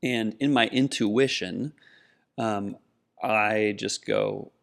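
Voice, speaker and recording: A middle-aged man with a lowish voice that keeps slipping into a gravelly fry. He co-hosts a podcast and tells a personal story in an earnest, casual way. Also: fairly even intonation, slow, a bit bright. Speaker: podcast co-host. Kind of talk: casual conversation.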